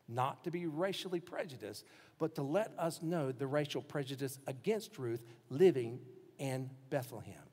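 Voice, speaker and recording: A middle-aged pastor, preaching a sermon with animated swings between loud emphasis and quiet, drawn-out lines. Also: male voice, medium pitch. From United States. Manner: animated preaching with dramatic shifts in loudness and pace. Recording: church hall with long reverb.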